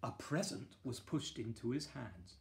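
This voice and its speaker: A man, the author, reading his children's picture book aloud in a playful, lively way with bursts of excited exclamations. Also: mid-range voice, a little slow, vocal fry, a little hiss or hum. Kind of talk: children's storybook read-aloud.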